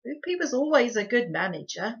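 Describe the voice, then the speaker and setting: Woman doing a weary, gruff little father. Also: on the high side, brisk, pitched above the performer's own voice. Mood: weary blunt. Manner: flat, weary, blunt rustic grammar. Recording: dull lo-fi recording.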